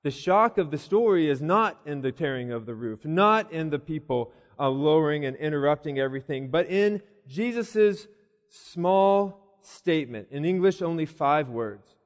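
A man's voice: on the high side, lively intonation, moderate pace. A man preaching a sermon, telling the story vividly with voiced asides and hesitant restarts. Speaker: pastor. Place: church building. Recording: long reverb of a church hall.

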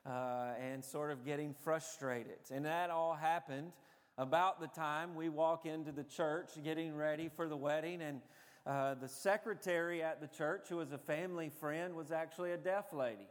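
A man's voice: on the high side, steady tone, normal speed, in a large hall. A man preaching a sermon as a pastor, telling stories in a conversational way with frequent fillers.

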